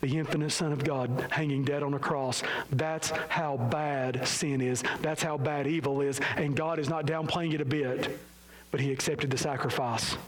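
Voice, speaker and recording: A man preaching an evangelical sermon, impassioned, swinging from low, solemn lines to loud, high emphasis, with self-mocking asides. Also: steady tone, normal speed, low-quality recording.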